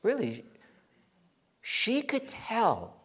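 A middle-aged man preaching a sermon as pastor, animated and emphatic, acting out quoted voices. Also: sits high, very slow, breathy edge.

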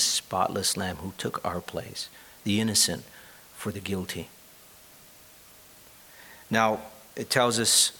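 A male pastor preaching a sermon in a church, earnest and unhurried, with pauses and repeated phrases. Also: lowish voice, fairly bright tone, low-quality recording.

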